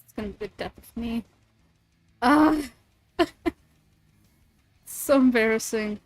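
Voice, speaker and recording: A woman's voice: fairly high pitch, slow, soft background music. A woman streamer chatting casually and rambling, swearing freely between thoughts. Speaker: streamer and voice actor. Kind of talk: casual livestream chat.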